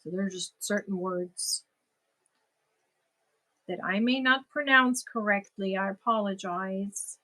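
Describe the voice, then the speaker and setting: A woman's voice: medium pitch, takes it slowly, pauses often, sharp tone. A woman with a German accent, a native German speaker, chatting casually with viewers as host of a crochet livestream, answering comments and laughing at herself.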